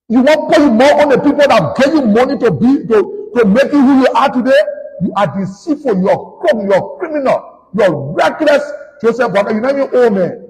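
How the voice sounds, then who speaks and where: A man with a Liberian English accent rants like a politician, loud and accusing, swinging from shouting down to muttering. His voice sits high for a man. A long reverb trails after each phrase. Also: big pitch swings, a little fast, creaky. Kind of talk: fiery political rant.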